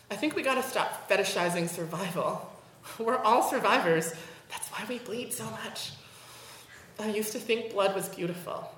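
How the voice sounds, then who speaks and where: A woman performing her spoken word poetry at a college venue, intense and rhythmic, building repeated chants to loud peaks. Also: mid-range voice. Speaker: performance poet. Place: college venue before a live audience. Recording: echoey room.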